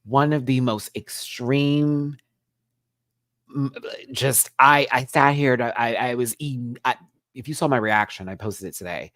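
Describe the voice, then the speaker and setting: Sassy campy guy doing a live recap, mid pitch, super dry sound, pitch jumps all over. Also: a little slow, no echo. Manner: sassy, campy, animated with big swings in pitch. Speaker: host of a live recap stream.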